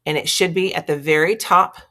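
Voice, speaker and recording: A woman's voice: sits low, steady tone, fairly quick, a bit bright. A woman with a Texas accent teaching a screen-recorded tutorial, chatting step by step through each click. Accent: Texan.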